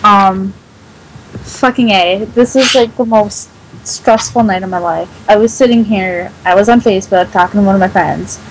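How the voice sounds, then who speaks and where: A woman telling a story to friends in casual chat, animated and full of swearing. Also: mid-range voice, moderate pace, slight background noise, low-quality recording.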